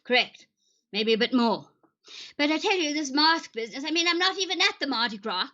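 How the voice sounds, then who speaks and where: A woman's voice: sits high, lively intonation, brisk, sharp tone, highs cut off. A woman playing an eccentric lady senator from long ago in an improvised character stream, rambling and theatrical and switching accents on a whim.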